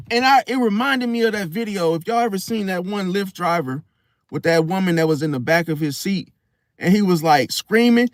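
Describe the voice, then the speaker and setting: A man's voice: high voice, moderate pace, dry recording, studio quality. A man casually telling a story in slangy talk and acting out the quoted lines. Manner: animated, slangy, acts out quotes. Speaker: podcast host.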